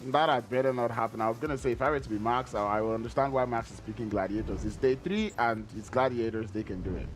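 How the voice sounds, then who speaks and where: Fast-talking male esports analyst. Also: mid-range voice, faint music behind.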